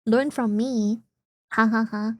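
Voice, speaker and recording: A woman's voice: a little high, fairly even intonation, slow pace. A woman mimicking a smug know-it-all. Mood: mocking. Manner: condescending, mocking. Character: smug know-it-all foreigner lecturing a Frenchman.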